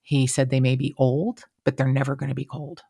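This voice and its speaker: A woman's voice: a bass voice, brisk, slightly rough, dry recording, clean studio sound. A woman, co-hosting a casual true-crime podcast, talking emotionally and acting out what people said. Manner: chatty, emotional, quotes people in lively voices. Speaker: podcast co-host. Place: podcast room.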